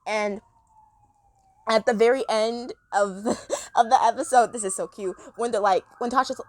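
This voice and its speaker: A woman's voice: fairly high pitch, moderate pace, a little mellow, no room sound. A woman reviewing a cartoon episode in a chatty, rambling monologue, gushing about the characters.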